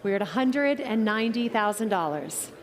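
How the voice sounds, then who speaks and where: A woman auctioneer with a high, bright voice, calling bids in quick rhythmic patter. She jokes and teases the room between numbers. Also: lively intonation. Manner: brisk, playful patter with the bidders. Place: auction tent at an outdoor car show.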